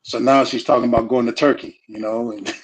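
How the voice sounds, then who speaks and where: A man's voice: medium pitch, fairly even intonation, a little fast, rough recording. A middle-aged man in casual conversation, talking loosely with frequent restarts and "you know" fillers. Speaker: guest speaker on family.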